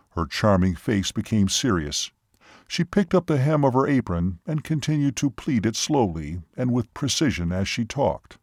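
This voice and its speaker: A man narrating a classic horror tale as a sleep story, reading in a steady, unhurried way. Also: mid-range voice, no room sound, clean studio sound.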